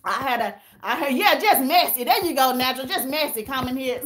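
A woman's voice: high voice, expressive, a little fast, hardly any pauses, a bit bright, slight background noise. A woman hosting a casual livestream, tearful and candid as she talks straight to her viewers and reads their comments. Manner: candid and emotional, addressing viewers as y'all.

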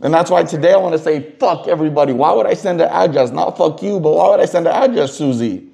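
A man's voice: on the high side, fast, gravelly. A man livestreaming a phone call to his therapist, sounding raw and teary after crying. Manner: tearful, raw, swings to loud and agitated. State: just finished crying.

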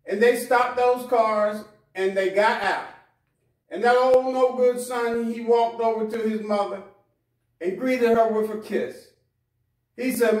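A high-voiced male preacher tells a sermon story, repeating phrases in a steady rhythm. The sound is roomy and heard from some distance from the mic. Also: slow. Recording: echoey room, far from mic.

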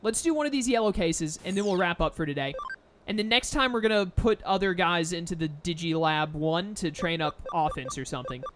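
A man's voice: sits high, animated, fairly quick, noisy background. A man giving casual, jokey commentary while playing a video game. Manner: laid-back, jokey, says "dude". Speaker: let's-play gamer. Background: faint game music.

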